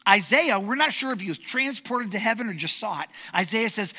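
A middle-aged man preaching a sermon as pastor, telling stories in an animated, self-deprecating way. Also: sits high, a little fast, few pauses. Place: church sanctuary.

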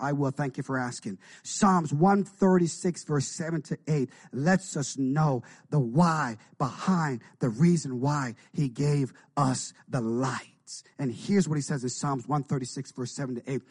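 Husky preacher man, fervent and rising. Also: a little high, unhurried. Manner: call-and-response preaching, shouting "come on". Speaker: pastor. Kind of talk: sermon.

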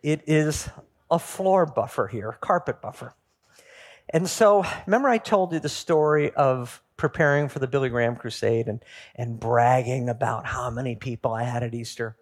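A man's voice: medium pitch, moderate pace. A male pastor preaching a sermon in a storytelling manner, building to emphatic peaks.

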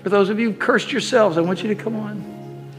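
A man preaching a sermon in a church, exhorting his congregation with call-and-response and building to shouted declarations. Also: high-pitched, a little fast, music in the background. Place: church sanctuary.

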